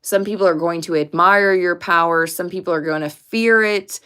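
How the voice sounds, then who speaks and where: A woman's voice: on the low side, moderate pace, fairly bright tone, clear, resonant tone. A woman giving a casual pick-a-card tarot reading to camera, speaking directly and emphatically and swearing casually. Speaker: tarot reader.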